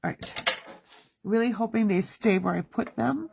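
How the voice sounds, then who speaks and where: Woman, thirties, crafting livestream host, chatty, gravelly fry. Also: a little high, unhurried, noisy background. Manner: chatty, talks to herself while working. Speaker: card-making livestream host. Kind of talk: casual crafting livestream chat. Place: home craft studio.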